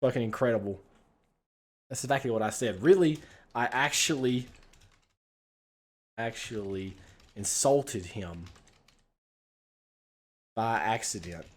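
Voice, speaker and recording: A man's voice: mid-range voice, slow, pauses often. Rambling, profane American man streaming a game. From United States. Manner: rambling, profane, laughs often. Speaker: streamer playing a text adventure game. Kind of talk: casual gameplay commentary.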